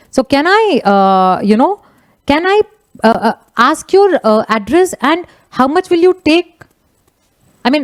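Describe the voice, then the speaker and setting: A middle-aged woman with an Indian English accent giving a chatty motivational talk, slipping into Hindi phrases. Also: a little high. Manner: animated, conversational, mixes Hindi phrases. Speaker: motivational speaker, business leader.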